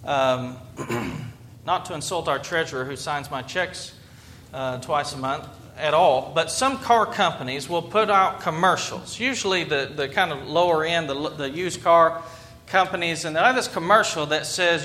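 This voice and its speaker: Brief: pastor, man, thirties, sharp bright voice, talks with his congregation in a sermon. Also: on the high side, a little slow, slight background noise. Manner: conversational, asks the congregation questions.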